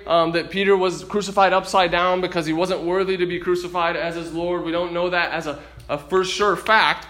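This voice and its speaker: A man's voice: sits high, fairly bright tone. A man teaching through a Bible passage in a conversational way, reading scripture aloud and voicing the disciples' thoughts. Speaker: preacher.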